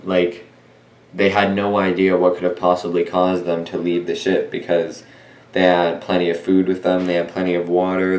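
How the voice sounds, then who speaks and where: A young man giving a casual, rambling review monologue, often correcting himself and filling pauses as he talks. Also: low-pitched, a little mellow. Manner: rambling, self-correcting, many fillers. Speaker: video reviewer. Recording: roomy echo.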